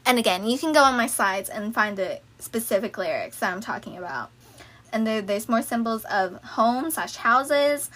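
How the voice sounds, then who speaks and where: A young woman talking through song lyrics in a casual, chatty way, reeling off lists and breaking into excited asides. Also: on the high side, normal speed. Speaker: fan video creator. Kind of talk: casual lyric analysis talk.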